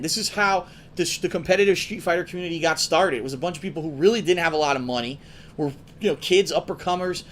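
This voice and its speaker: A man's voice: fairly high pitch, a bit bright, slight background noise. Profane rambling man telling stories. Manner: rambling, profane, acts out friends' voices. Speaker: gaming show host. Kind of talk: casual storytelling to viewers.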